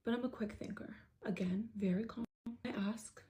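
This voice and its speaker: A young woman telling a storytime vlog, dramatic and fast, dropping into hushed asides. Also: mid-range voice, steady tone, slight background noise. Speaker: vlogger. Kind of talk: storytime narration.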